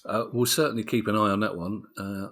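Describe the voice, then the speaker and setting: A man's voice: on the low side, fairly even intonation, fairly quick, fairly bright tone. A man hosting a podcast, introducing stories in a casual, jokey way and handing questions to his co-host. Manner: jokey, laughs while presenting stories.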